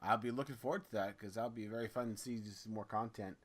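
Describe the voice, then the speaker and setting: A man's voice: on the low side, fast. A man hosting a gaming podcast in casual chat, upbeat and teasing, laughing readily. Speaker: podcast host.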